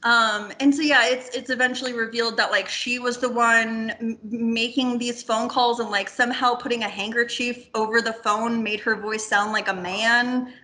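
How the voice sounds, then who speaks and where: A woman's voice: on the high side, normal speed, few pauses. A woman guest on a film podcast, talking casually and rambling with lots of "like" and the odd swear word. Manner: animated, rambling, heavy filler "like", swears casually.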